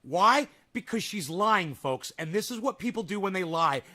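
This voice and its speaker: A man's voice: sits high, animated, normal speed, pushed and bright. A man ranting angrily on a live stream, mocking and swearing heavily as he reacts to clips and talks to his chat. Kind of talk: profane live-stream rant.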